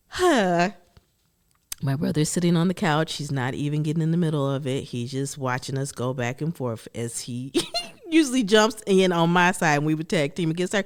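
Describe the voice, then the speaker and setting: A woman hosting a podcast, telling family stories in a chatty, animated way and acting out quotes from her relatives. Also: on the low side. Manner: animated, laughing storyteller who acts out family quotes. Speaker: podcast host. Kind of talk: personal storytelling monologue.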